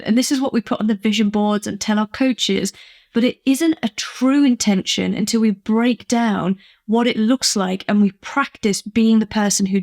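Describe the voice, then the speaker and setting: A woman's voice: medium pitch, a little mellow. A woman business coach from England giving an earnest, emphatic motivational vlog talk, acting out little quoted exchanges.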